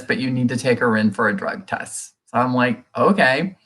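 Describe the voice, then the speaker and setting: A woman's voice: very deep voice, moderate pace, few pauses, fairly bright tone. Earnest middle-aged woman telling her story. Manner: earnest, reenacts quoted dialogue in her telling; many fillers and restarts, conversational. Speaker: guest sharing a recovery story. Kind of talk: personal storytelling in an interview.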